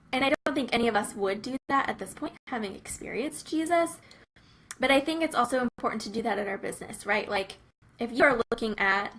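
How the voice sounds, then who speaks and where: A woman's voice: on the high side, bright, forceful tone, low-quality recording. A young woman giving an earnest, casual talk about faith and business, with many fillers and a conversational manner. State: briefly teary-eyed. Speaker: Christian business coach.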